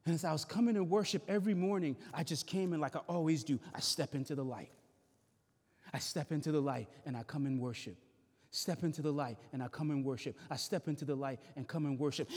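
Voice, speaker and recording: A man's voice: medium pitch, fairly quick, darkish tone, husky. A man preaching a Sunday sermon as pastor in a church, impassioned and repetitive, building in intensity. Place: church sanctuary. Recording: long reverb of a large church hall.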